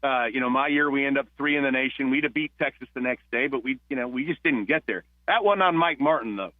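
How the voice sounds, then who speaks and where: A man from New Jersey, a retired police officer, telling stories as a guest on a phone-in radio interview, with halting restarts. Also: mid-range voice, no room sound. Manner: warm storyteller, halting restarts. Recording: tinny phone line.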